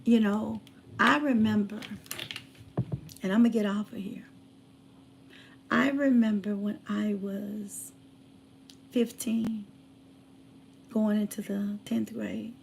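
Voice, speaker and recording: A woman telling a personal story in casual chat, drifting from hushed asides to loud emphatic bursts. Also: medium pitch, steady tone, takes it slowly, gravelly, pauses often, slight background noise. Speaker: channel host.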